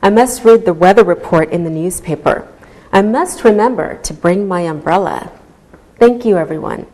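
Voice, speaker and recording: A woman teaching an English grammar lesson, speaking clearly and deliberately to her students. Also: lowish voice, mellow. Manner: slow, clearly enunciated teaching voice. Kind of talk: slow classroom instruction.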